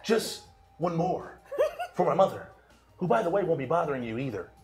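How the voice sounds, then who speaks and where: A woman's voice: deep voice, animated, moderate pace, echoey room, over music, pitched below the performer's own voice. A woman voicing a fawning, sweaty male sports hack who stammers and wheedles. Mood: pleading. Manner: stammering, wheedling, repeats words.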